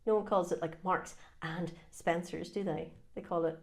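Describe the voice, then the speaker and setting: A woman's voice: fairly low pitch, steady tone, normal speed, a little mellow. A woman with an Irish accent co-hosting a casual whiskey-tasting podcast, full of cheeky, sweary banter. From Ireland. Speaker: podcast co-host.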